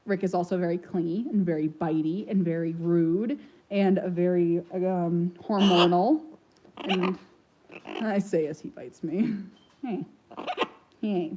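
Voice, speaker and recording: A woman's voice: on the low side, fairly even intonation, a little slow, dark tone, slight background noise, poor audio. A woman chatting casually about her pet parrot, rambling and slipping into baby talk with the bird. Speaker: parrot owner vlogger. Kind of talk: casual chat.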